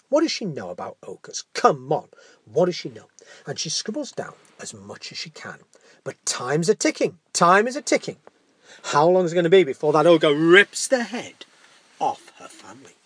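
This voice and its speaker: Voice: medium pitch, sing-song, moderate pace, a bit bright, breathy edge, dry recording. A storyteller telling a children's tale dramatically, dropping into whispers for suspense.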